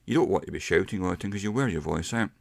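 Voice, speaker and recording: A middle-aged man giving a casual pronunciation lesson, explaining step by step and slowing down to demonstrate sounds. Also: sits low, gravelly, no room sound, clean studio sound. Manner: unhurried, explains step by step with slowed demonstration words. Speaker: English pronunciation teacher.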